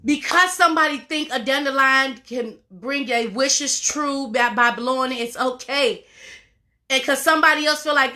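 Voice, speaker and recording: High bright-voiced woman coach, preachy and repeats herself a lot. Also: animated, unhurried. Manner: preachy, repetitive, emphatic. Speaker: life coach. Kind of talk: motivational talk to camera.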